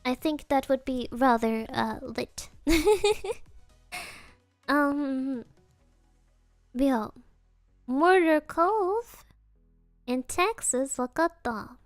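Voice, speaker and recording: Woman, streamer, playful, giggly, slow-paced chat, dry close sound, faint music behind. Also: high voice, lively intonation, no echo. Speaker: virtual streamer. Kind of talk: casual live-stream chat.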